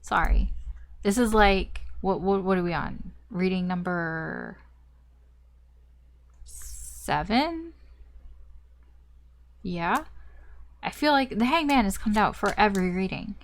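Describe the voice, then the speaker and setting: A woman's voice: mid-range voice, animated, takes it slowly, long pauses. A woman doing a casual tarot reading to camera, rambling with many fillers and restarts, and swearing now and then. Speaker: tarot reader.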